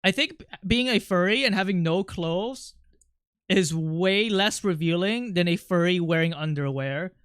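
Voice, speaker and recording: Bright, crisp-voiced rambling male streamer. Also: high-pitched, a little slow, no echo, clean studio sound. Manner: rambling, chatty, with many fillers and restarts. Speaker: livestreamer. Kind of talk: casual stream chat.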